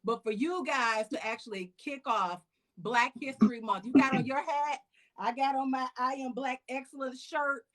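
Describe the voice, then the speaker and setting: A woman hosting a casual video-call chat, telling stories in an excited, animated way. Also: high voice, moderate pace. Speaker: host.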